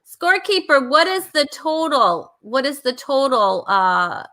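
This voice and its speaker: A woman's voice: high voice, very animated, measured pace, pushed and bright. A woman hosting a casual comedy game show, chatty and laughing often.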